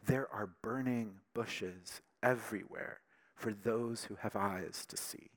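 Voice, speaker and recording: A man preaching a sermon with emphatic, animated delivery, dropping to quiet, intimate tones between louder passages. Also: on the low side, slow pace. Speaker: pastor.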